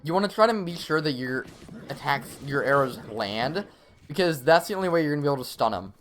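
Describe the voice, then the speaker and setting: With soft music behind him, a young man streams a game live and chats through tactics and tips. His voice is on the high side and a bit bright, with lively intonation and a slightly fast pace; he laughs often and uses many fillers.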